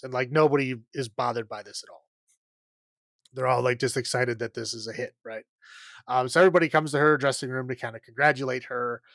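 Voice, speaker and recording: Casual male podcast host, mid-pitched, chatty and meandering with plenty of "um" and "like", recorded dry and close. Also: steady tone, a little fast, gravelly, a bit bright, dry recording. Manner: rambling, filler-heavy, laughs often. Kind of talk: casual chat recapping a film.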